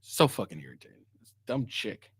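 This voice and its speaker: A man's voice: fairly low pitch, sing-song, moderate pace, fairly bright tone, slightly rough, dry recording, clean studio sound. A man hosting a reaction commentary, ranting angrily with heavy profanity. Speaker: commentary host.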